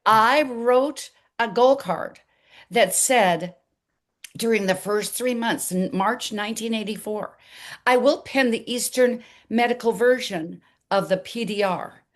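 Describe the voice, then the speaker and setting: An older woman as an interview guest, telling her story in an animated way and acting out the dialogue. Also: a little high, a little slow.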